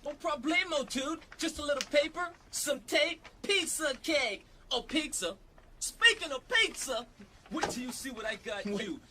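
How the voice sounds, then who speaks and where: A man's voice: very high voice, animated, unhurried, pushed and bright, slight background noise, exaggerated voice. An actor playing a laid-back male surfer-dude mutant turtle with a Brooklyn accent, drawling slang in a holiday TV special. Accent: Brooklyn Italian-American.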